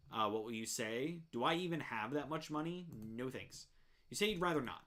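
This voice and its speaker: A woman hosting a let's play, commenting casually and reading game text aloud, full of hesitant fillers with loud swearing outbursts. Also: sits low, expressive, normal speed.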